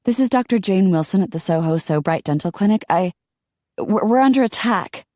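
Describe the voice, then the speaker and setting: A woman's voice: lowish voice, lively intonation, normal speed, mellow, no room sound, studio quality, pitched above the performer's own voice, natural voice. A woman narrator voicing a panicked young woman dentist in hiding, in frantic, breathless outbursts. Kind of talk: audiobook character voice.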